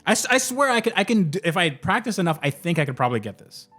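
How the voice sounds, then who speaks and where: A man's voice: high-pitched, very animated, quick pace, a bit bright, soft background music. A man hosting a car podcast, rambling and stammering in casual chat. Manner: rambling, stammering, laughs easily. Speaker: podcast host.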